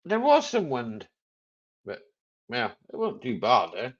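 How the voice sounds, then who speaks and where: A man's voice: mid-range voice, huge pitch swings, unhurried, lo-fi sound. A man hosting a casual live chat stream, jokey and rambling, chuckling often.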